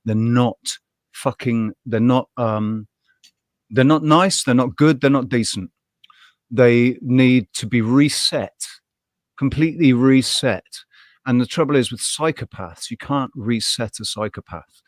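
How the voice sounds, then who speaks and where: A man in casual podcast conversation who rants bluntly and swears freely. He keeps a middle pitch. His voice sounds dry and close, with frequent laughs and restarts. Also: measured pace, no echo. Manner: heated, blunt ranting with swearing; laughs often, restarts mid-sentence. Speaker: podcast co-host. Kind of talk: casual live podcast chat.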